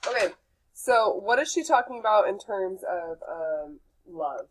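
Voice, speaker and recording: A woman teacher walks her class through a passage with quick, casual questions, pushing them to look back at the text. Her voice sits in an ordinary middle pitch. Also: animated, slight background noise, poor audio.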